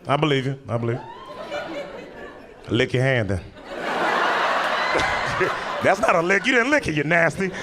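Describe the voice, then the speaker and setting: A very animated young comic with a slightly high voice works a comedy club stage at a moderate pace, leaving long pauses. His set is casual and talkative, full of impressions of people in his stories. The loud live crowd laughs and claps over a background hum.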